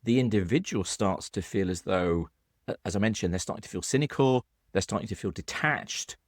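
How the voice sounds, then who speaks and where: A British man co-hosting a podcast in a low, steady voice. He explains earnestly, often restarting his phrases. The sound is dry and close. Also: brisk, dry recording. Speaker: podcast co-host. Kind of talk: conversational podcast discussion.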